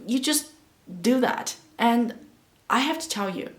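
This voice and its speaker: Expressive woman, second-language English speaker. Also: on the high side, unhurried, roomy sound. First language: not English. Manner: expressive, emphatic, searching for words with fillers. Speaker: English-learning vlogger. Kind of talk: casual talk to camera giving tips.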